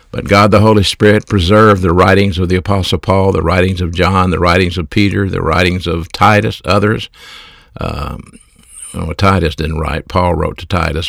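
A man preaching a verse-by-verse sermon, deliberately explaining the Greek meaning of words with measured emphasis. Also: low voice, creaky, dry recording, clean studio sound.

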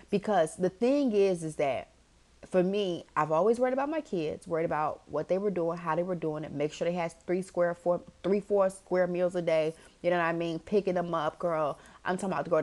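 Emphatic woman podcaster, lowish voice. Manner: animated and emphatic, swears, addresses listener as "girl". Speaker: podcast host. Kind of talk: casual storytelling monologue.

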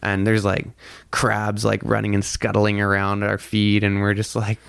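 Casual male storyteller, low gravelly voice, filler-heavy and profane, dry close-miked sound. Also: monotone, normal speed, a bit bright, no room sound. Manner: rambling, heavy on "like" fillers, swears freely. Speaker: podcast guest telling a story.

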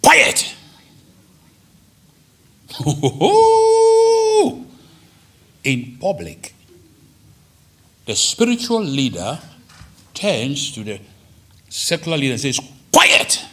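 Animated husky-voiced male pastor preaching. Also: mid-range voice, slow, pauses often. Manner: animated, dramatic quoted lines, digressive. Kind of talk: sermon. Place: church hall.

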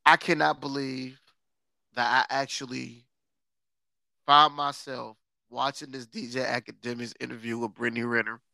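A man hosting a podcast in casual chat, sarcastic and quick to laugh, stretching words for emphasis. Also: mid-range voice, little pitch movement, gravelly, sharp tone, dry recording. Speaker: podcast host.

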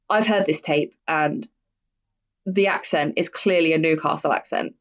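A woman's voice: lowish voice, normal speed. A woman hosting a podcast, telling true-crime stories in a casual, blunt way and swearing freely. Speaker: podcast host. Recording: dull lo-fi audio.

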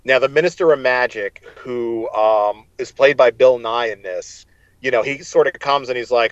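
A man's voice: mid-range voice, normal speed, no echo, highs cut off. A man co-hosting a casual chat, animatedly retelling scenes and acting out the quoted lines. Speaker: podcast co-host.

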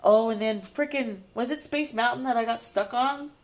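A young woman co-hosting a podcast, chatting casually and rambling through a travel story. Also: normal speed. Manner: chatty, rambling, acts out quotes with big pitch jumps. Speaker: podcast co-host. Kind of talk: casual chat.

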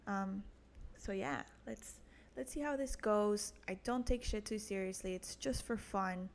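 A woman's voice: medium pitch, unhurried, vocal fry, a little hiss or hum. A young woman hosting her own podcast in a casual solo monologue, crude and self-mocking, swearing often and laughing at her own jokes. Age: young adult. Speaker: podcast host.

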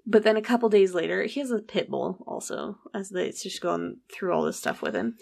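A woman's voice: medium pitch, big pitch swings, a little fast, gravelly, a little mellow. A woman casually recounting a true-crime story as a podcast host, chatty and full of "like". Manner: chatty, recounts events with frequent "like" and quoted dialogue.

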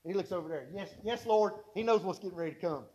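A man's voice: high-pitched, animated, rapid-fire, darkish tone, muffled recording. A man preaching a sermon, telling folksy stories and repeating his points for emphasis. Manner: folksy storytelling with emphatic repetition.

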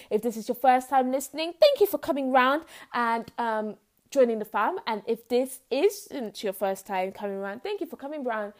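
A woman hosting her own podcast, chatting in a bubbly, rambling way and joking at her own expense. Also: a little high. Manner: bubbly, rambling and self-mocking, repeats herself. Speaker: podcast host. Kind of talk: casual solo podcast chat.

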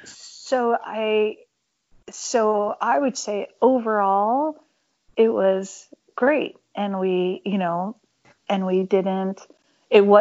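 A woman's voice: mid-range voice, a little mellow. A woman musician telling stories candidly and emphatically in a casual interview, with many fillers. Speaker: punk band musician, interview guest. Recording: dull lo-fi audio.

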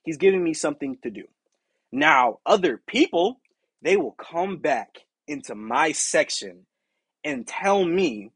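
A man with a lively, swooping delivery, pitched a bit above the usual, tells a story on his podcast. His voice is husky and a little breathy, and he swears freely as he acts out who said what. The sound is dry and close. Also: unhurried, dry recording. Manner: animated, profane, acts out quoted exchanges. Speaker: podcast host. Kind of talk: casual storytelling monologue.

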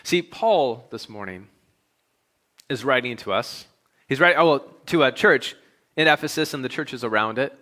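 Man, pastor, sermon, bright tone, conversational storytelling, young adult. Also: medium pitch, normal speed. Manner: conversational storytelling, animated when quoting himself.

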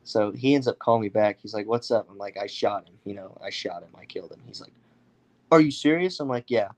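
A young man from the United States telling a story casually, animated, with many fillers and acted-out quotes. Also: fairly low pitch, fast. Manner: animated, acts out others' voices, many fillers. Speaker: guest storyteller.

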